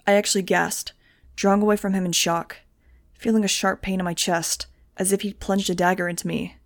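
A woman reading a novel aloud in the first person, with a steady, measured delivery. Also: mid-range voice, dry recording, clean studio sound. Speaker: audiobook reader.

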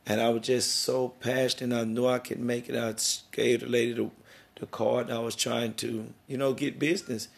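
A man's voice: medium pitch, little pitch movement, normal speed, gravelly. A middle-aged man hosting a podcast interview, talking in an emphatic, preachy, rambling way about worth and family. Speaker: podcast host.

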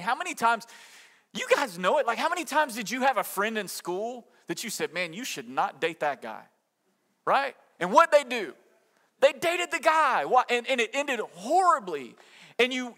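A man delivers a sermon with a high, bright voice that stays lively and direct. He speaks in a conversational way, leans hard on his points and keeps asking the room rhetorical questions. Now and then he acts out what people say. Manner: conversational and emphatic, with rhetorical questions and acted-out quotes. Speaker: pastor.

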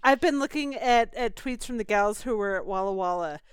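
A woman in casual podcast chat, laughing often and tossing in quick, wry remarks. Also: medium pitch, lively intonation, clear, resonant tone, no echo.

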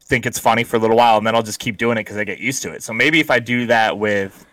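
A man co-hosting a casual podcast with a bright, forceful tone sitting a little low in pitch. He jokes easily and keeps the chat loose. The sound is dry and close, with no room echo. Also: fast talker. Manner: easygoing, joking banter. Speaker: podcast co-host.

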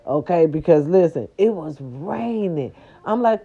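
A woman's voice: fairly low pitch, unhurried, breathy edge. Profane older woman telling a wild story. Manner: animated, profane, addresses viewers as y'all. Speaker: storyteller vlogger. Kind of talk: casual storytelling to viewers. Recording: dull lo-fi recording.

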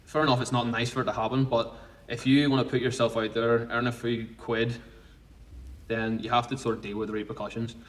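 A man's voice: medium pitch, flat delivery, fairly quick, far from the mic, low-quality recording. A man co-hosting a podcast in casual chat, blunt and sweary as he rambles through stories. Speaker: podcast co-host.

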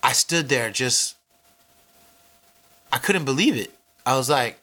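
A man telling a comic story, animated and acting out each character's voice. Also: medium pitch, a little slow, pauses often. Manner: animated, acts out every character.

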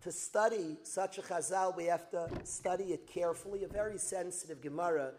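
A man teaching a religious lesson as a dramatic story, repeating phrases for emphasis and building to loud outbursts. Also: high-pitched, brisk, a little hiss or hum. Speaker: Torah teacher. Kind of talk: storytelling lecture.

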